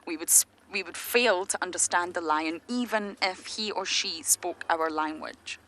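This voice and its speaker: A woman's voice: fairly low pitch, moderate pace, pushed and bright. A woman guiding a live safari from an open vehicle, explaining animal behaviour enthusiastically and dropping to a whisper near the animals. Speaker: safari field guide.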